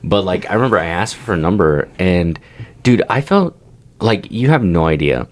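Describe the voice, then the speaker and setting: A young man co-hosting a casual podcast, telling crude, animated stories and swearing freely. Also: low voice, moderate pace. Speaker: podcast co-host.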